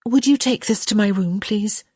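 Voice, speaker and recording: A woman's voice: medium pitch, moderate pace, a little mellow, breathy edge, no echo, voice pushed up, close to an everyday voice. A woman voicing a stubborn young unmarried lady who answers her mother in a dry, teasing way. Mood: wry.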